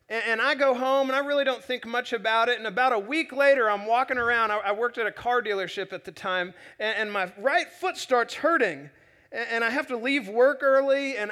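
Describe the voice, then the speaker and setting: A young man preaching in a chatty, animated way, often repeating words as he restarts sentences. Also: very high-pitched. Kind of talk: storytelling sermon.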